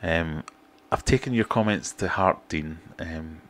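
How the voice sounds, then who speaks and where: A middle-aged British man hosting a relaxed livestream, chatting and reading out viewer comments in a self-deprecating way. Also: low-pitched, unhurried. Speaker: fishkeeping livestream host. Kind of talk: casual livestream chat.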